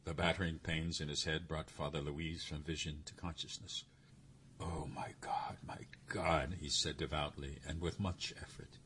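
A man narrating a story in a measured, expressive way. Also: a bass voice, a little hiss or hum. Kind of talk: story reading.

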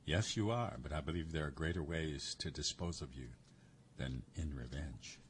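A man voicing a devout priest who speaks calmly, tenderly and gravely. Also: rumbling low, normal speed, slight background noise. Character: gentle, devout old male priest.

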